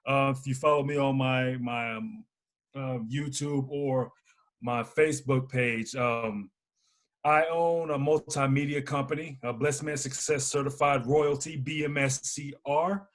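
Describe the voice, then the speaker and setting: A man from Alabama, a business owner and podcast guest, telling his story in a lively, playful, casual way. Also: mid-range voice, a little slow. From Huntsville, Alabama. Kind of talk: casual conversational interview.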